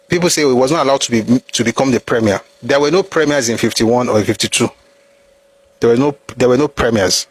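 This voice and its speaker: A man with a Nigerian accent giving animated, opinionated commentary on history, full of rhetorical questions and bits of pidgin. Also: mid-range voice, breathy edge, no echo.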